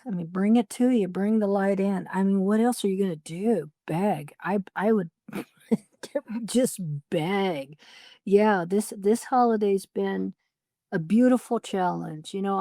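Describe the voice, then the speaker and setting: A woman's voice: medium pitch, dark tone, dry recording, studio quality. A woman co-hosting a podcast, speaking reflectively and openly in casual, heartfelt chat. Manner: reflective and open, talks about family. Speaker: podcast co-host.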